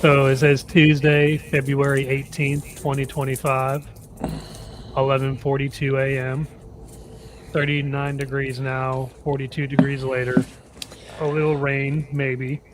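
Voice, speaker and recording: A man carefully reading a devotional text aloud in a slow, measured, gentle manner. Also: mid-range voice, monotone, background noise.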